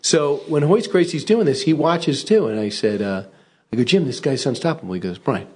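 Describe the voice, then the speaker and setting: Man, host, casual chat, animated storyteller, quick pace, slightly high voice. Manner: animated anecdote teller, acts out voices.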